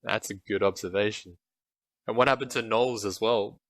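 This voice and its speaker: Man, podcast co-host, film talk, gravelly, flat delivery, measured and hesitant. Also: lowish voice, dry recording. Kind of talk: casual film review chat.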